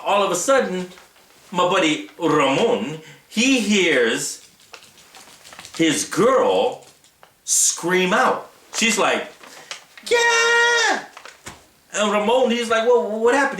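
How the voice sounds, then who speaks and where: A man vlogging in a casual storytelling style, animated and often adding "right?" as he talks. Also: mid-range voice, roomy sound. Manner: animated, tags lines with "right?". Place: Japan.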